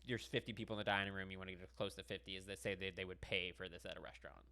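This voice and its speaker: A man's voice: low voice, level tone, rapid-fire, pushed and bright, clear, resonant tone. A young man from Pittsburgh, a comedian chatting on a podcast, rambling with lots of "like" and "dude". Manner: rambling, heavy use of "like" and "dude". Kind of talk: casual podcast chat.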